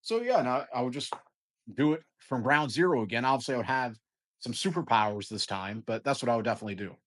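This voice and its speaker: A man guest on a podcast, talking casually and energetically, with many fillers and quick bursts of ideas. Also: medium pitch, animated, fairly bright tone. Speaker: guest entrepreneur. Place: lives in Dubai.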